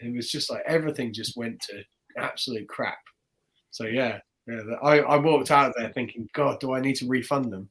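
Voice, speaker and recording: Animated man telling a story. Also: mid-range voice, brisk. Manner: animated, acts out the voices of people in his stories. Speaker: guest magician. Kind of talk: casual storytelling.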